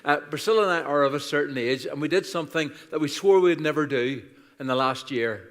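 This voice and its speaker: In a church auditorium full of reverb, a sixties-aged Irish man preaching as a guest tells humorous, self-deprecating stories in a chatty way. He talks briskly with a fairly high, slightly bright voice.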